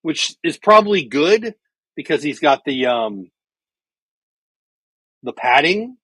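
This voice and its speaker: A middle-aged man hosts a baseball watch-party livestream from home, chatting loosely and thinking out loud between pitches. His voice sits a little high, and the sound is dry and close to the mic. He gets animated when calling the big plays. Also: takes it slowly, husky, dry recording. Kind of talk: casual live baseball commentary.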